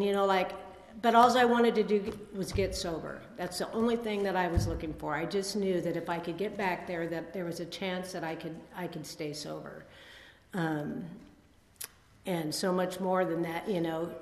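A woman in her sixties giving a rambling, self-deprecating personal recovery testimony at a meeting, full of fillers and restarts. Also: on the low side. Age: 60s. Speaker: speaker sharing at a recovery meeting. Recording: echoey hall with long reverb.

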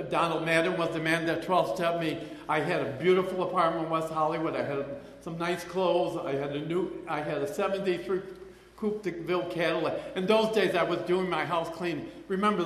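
A man's voice: fairly high pitch, a bit bright. An older man speaking at a recovery meeting, telling his personal story in a chatty, rambling way with frequent laughs and repeated phrases. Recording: echoey hall with long reverb.

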